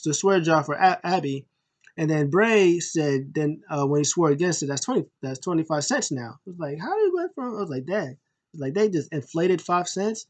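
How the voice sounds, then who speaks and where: A host talking through a casual recap at an ordinary, middling pitch. The delivery rambles and is full of fillers and false starts. Quotes get acted out in jumpy put-on voices. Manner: rambling, many fillers and restarts. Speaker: show host.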